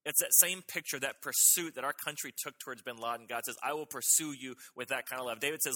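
Talking fast with few pauses, a middle-aged man preaches in a pushed, bright mid-range voice. His sermon is emphatic and repetitive, driving home his central points with mounting force on key lines.

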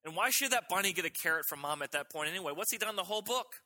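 A man's voice: high-pitched, animated, racing, bright, forceful tone. A middle-aged male pastor preaching a sermon, emphatic and repetitive, pressing his main points again and again. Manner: emphatic, repetitive preaching with rising intensity on key phrases.

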